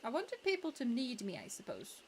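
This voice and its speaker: A woman reading the lines of a shy, earnest young male hobbit in a video game, speaking softly and modestly. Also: fairly high pitch, huge pitch swings, brisk, slight background noise. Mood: bashful.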